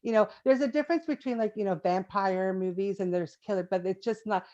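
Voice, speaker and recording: A woman's voice: mid-range voice, a little fast, dark tone. A woman guest, a children's book author, talking casually in an interview with many fillers and frequent laughs. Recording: dull lo-fi sound.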